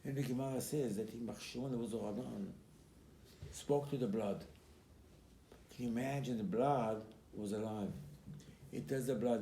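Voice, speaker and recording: A man who is a rabbi, giving a Torah class as an animated storyteller who acts out quotes and repeats his key points. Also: medium pitch, normal speed. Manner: emphatic, repeats key phrases. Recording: roomy recording with faint background noise.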